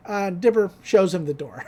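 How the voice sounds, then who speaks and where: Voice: medium pitch, mellow. A podcast co-host casually recapping a cartoon episode, acting out the characters' lines and laughing along the way.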